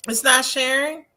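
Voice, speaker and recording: Bright-voiced tipsy woman hosting a chat. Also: sits high. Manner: chatty, easily amused, fumbles with screen sharing. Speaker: show host. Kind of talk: casual gossip chat. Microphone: video call.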